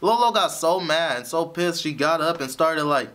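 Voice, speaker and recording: Vlogger, male, animated rise and fall, laughing recap host. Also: a little high, moderate pace. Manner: chatty, laughs often while telling. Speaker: show reviewer. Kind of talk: casual TV episode recap.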